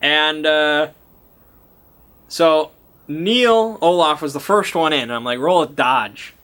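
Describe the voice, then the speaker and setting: Young male game master recapping a session, bright and slightly high voice, loose and rambling. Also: expressive, takes it slowly, clean tone. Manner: rambling, lots of "like" and restarts, chuckling.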